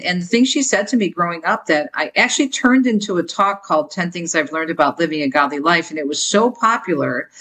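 A woman's voice: lowish voice, a bit bright. A woman author being interviewed on a talk show, speaking earnestly and telling stories. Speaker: guest author.

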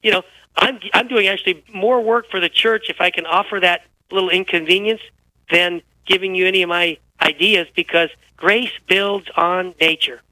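A man who is feeling unwell, a guest telling lively anecdotes on a radio interview. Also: high-pitched, moderate pace, no room sound, poor audio. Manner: animated, tells anecdotes with quoted dialogue. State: unwell, feels physically poor. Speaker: guest author.

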